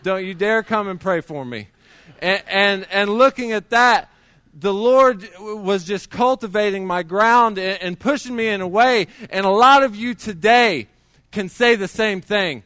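A man's voice: high-pitched, a little slow, sharp tone, smooth, dry recording, clean studio sound. A middle-aged man preaching a sermon, telling his testimony in a conversational way with many restarts.

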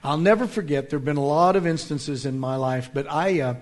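A middle-aged man preaching a sermon, swinging between loud dramatic lines and hushed, slow asides. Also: a little high. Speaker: pastor.

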